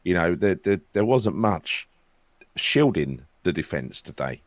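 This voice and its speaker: Deep voiced guy, easygoing football chat, tacks on "right?", dry mic. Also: very animated, unhurried, dry recording. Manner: laid-back, trails off with "right?". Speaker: podcast co-host.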